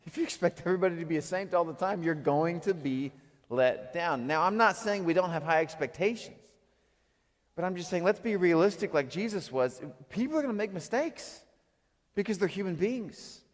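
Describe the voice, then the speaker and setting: A man preaching a sermon as pastor, animated, moving between loud acted outbursts and quiet reflective passages. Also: high-pitched, moderate pace, long reverb tail. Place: church sanctuary.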